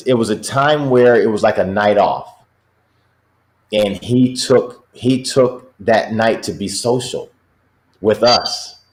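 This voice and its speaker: A man's voice: on the low side, a little mellow. A middle-aged basketball coach, a man, telling stories in a casual chat and laughing often as he talks. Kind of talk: casual storytelling.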